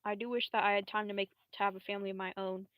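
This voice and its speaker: A woman's voice: medium pitch, fairly even intonation, very fast, fairly bright tone, no room sound, close to an everyday voice. A woman voicing a young heroine who cares about everyone, talking in casual slang and saying "bro" and "bruh". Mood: wistful.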